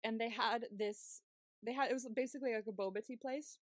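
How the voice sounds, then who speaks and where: A young woman co-hosts a podcast, her voice a little high and fairly quick, recorded dry with clean studio sound. She tells a long, casual story in a chatty way, laughing often and filling it with swearing and fillers.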